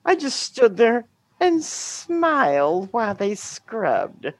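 A middle-aged woman telling a story about her teaching days, with a deliberate, dramatic delivery and wry humor. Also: fairly high pitch, sing-song, dry recording.

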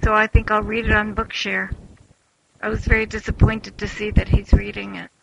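A man's voice: high-pitched, flat delivery, normal speed, gravelly, muffled recording, background noise. A man in a book club chat, talking in an opinionated, nostalgic way about audiobook readers. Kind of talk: casual group chat.

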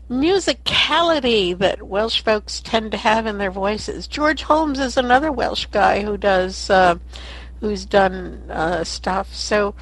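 A woman's voice: mid-range voice, breathy edge, poor audio. A woman in a casual group discussion about narrators, speaking thoughtfully with frequent fillers.

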